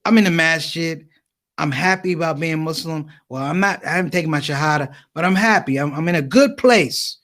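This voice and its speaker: A man's voice: fairly high pitch, brisk. A man telling funny personal stories in a stand-up set at a conference, acting out the dialogue with lots of repetition. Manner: animated storytelling, acting out dialogue, repeated phrases. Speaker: comedian.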